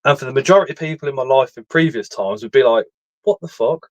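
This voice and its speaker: A blunt, rambling man in his thirties talking frankly on a livestream, swearing freely as he goes. His voice sits at an ordinary middle pitch. It is recorded close and dry, with no room echo. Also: rapid-fire. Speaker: livestream speaker reading chat. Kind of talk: candid casual chat.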